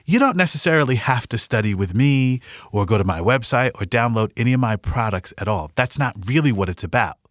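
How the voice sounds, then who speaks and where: A man's voice: medium pitch, animated, a little fast, few pauses, fairly bright tone, dry recording. A man hosting a podcast, giving an earnest, upbeat motivational talk with a story from his past, on a studio mic. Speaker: podcast host. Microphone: studio microphone.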